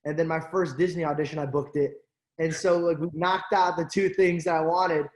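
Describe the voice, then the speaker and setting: Young male interview guest, lively chatty storyteller, a bit high-pitched, roomy echo. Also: normal speed. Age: young adult. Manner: animated, acts out quoted friends, many fillers. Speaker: interview guest, actor and social media creator.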